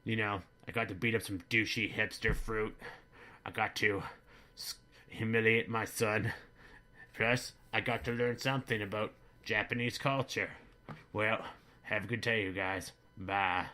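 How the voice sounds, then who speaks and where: A boorish, bigoted middle-aged dad, played by a man rambles crudely through a comedic monologue. His voice sits a little low but rings bright and forceful. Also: steady tone, measured pace. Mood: blustering. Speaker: comedy vlogger in character.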